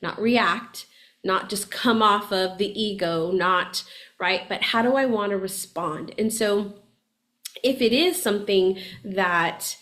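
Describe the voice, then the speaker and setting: A woman hosting a podcast in casual coaching talk, chatty and animated, often checking in with "right?" and laughing as she talks. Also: mid-range voice, slow. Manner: laughs often while talking. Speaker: podcast host and spiritual coach.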